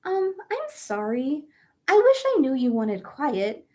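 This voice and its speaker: A woman's voice: high-pitched, wildly swooping pitch, slow pace, darkish tone, exaggerated voice. A woman voicing a chatty, apologetic male hamster in a picture book, speaking hesitantly and earnestly.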